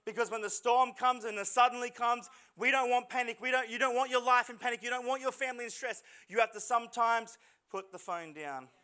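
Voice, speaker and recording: A male pastor preaching a lively, dramatic sermon to a church congregation, with jokey asides and voices he acts out. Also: extremely high pitch, a little fast, clean tone. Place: church service hall.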